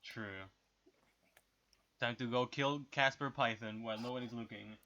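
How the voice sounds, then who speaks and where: A man's voice: medium pitch, steady tone, a little slow, sharp tone, muffled recording. A man playing a tabletop game online, chatting and joking with the other players. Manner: joking, laughing often. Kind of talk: casual chat during a tabletop game.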